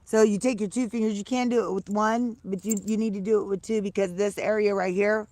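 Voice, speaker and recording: A middle-aged woman livestreams outdoors from a farm, chatting casually with viewers in a loose, laughing manner and swearing freely. Her medium-pitched voice is dark in tone, with fairly even intonation and a slightly fast pace. The recording has no room sound.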